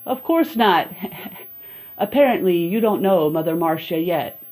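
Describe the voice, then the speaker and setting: A shrill, high-pitched old voodoo witch, sly and mocking in an audiobook story, as a woman reader puts her on. Her tone stays mellow underneath the squeak. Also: lively intonation, unhurried, low-quality recording.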